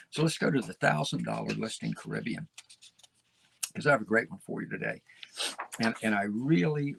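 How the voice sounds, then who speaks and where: A man's voice: medium pitch, vocal fry, a bit bright, slight background noise. A male host giving a folksy, emphatic monologue, often repeating phrases and tagging lines with "okay?". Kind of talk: casual talk show monologue.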